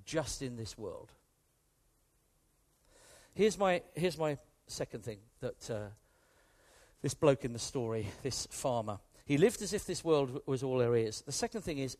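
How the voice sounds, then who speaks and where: A man's voice: fairly high pitch, sing-song, a little slow, darkish tone. A man preaching a sermon, emphatic, repeating key phrases and putting questions to his listeners.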